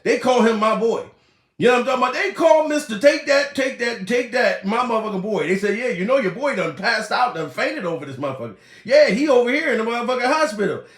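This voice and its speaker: A man's voice: sits high, very animated, quick pace, fairly bright tone. A man hosting a comedy livestream, ranting profanely, laughing often and putting on mock crying. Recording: echoey room.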